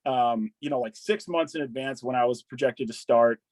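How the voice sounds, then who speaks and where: A man in his thirties, an army veteran, telling stories in a loose, casual way, peppered with "dude" and "like" and quick restarts. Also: medium pitch, darkish tone, no room sound, low-quality recording. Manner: loose and profane, full of "dude" and "like", restarts a lot. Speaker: podcast guest, army veteran. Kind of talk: casual conversational storytelling.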